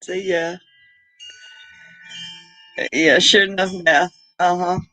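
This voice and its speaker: A middle-aged man from Britain chats slowly and easily through a homestead livestream, greeting viewers by name and laughing often. His voice is bright and sits somewhat high for a man, and the sound is dry and close. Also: fairly even intonation, no echo, low-quality recording. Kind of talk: casual livestream chat.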